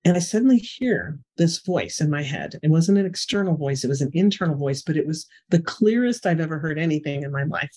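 Interview guest: middle-aged woman with a breathy, husky voice, lively storyteller. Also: sits low, fairly quick, hardly any pauses. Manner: animated storyteller, frequent "you know" fillers. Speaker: guest, remote viewing expert. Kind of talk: conversational storytelling.

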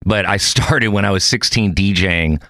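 A podcast host from Los Angeles tells long, rambling stories in an animated, casual chat. His voice is low and his pace moderate, and the studio-quality recording has no echo.

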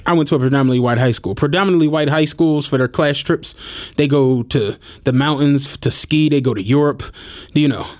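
This young podcast co-host speaks at a fairly quick clip with a fairly high-pitched voice. Swapping stories in a relaxed conversation, he animatedly performs other people's lines and breaks into laughter a lot.

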